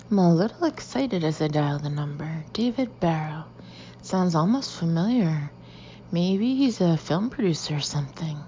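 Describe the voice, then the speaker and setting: Woman reading an audiobook with lively, dramatic flair. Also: on the low side, a little slow, lo-fi sound, slight background noise. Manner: lively and dramatic, with whispered asides. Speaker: audiobook narrator. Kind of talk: expressive first-person audiobook narration.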